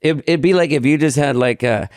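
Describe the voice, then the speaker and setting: A man's voice: a little high, a little fast, no echo, clean studio sound. A man telling a long story as a podcast guest in casual chat, rambling and profane, acting out other people's lines. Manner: rambling, profane, acts out dialogue.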